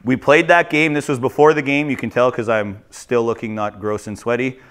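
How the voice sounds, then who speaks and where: A man from Ontario, a teacher telling jokey, animated stories in a conference talk. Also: medium pitch, normal speed. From Ontario, Canada. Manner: animated, jokey, acts out quoted voices. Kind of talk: humorous storytelling presentation.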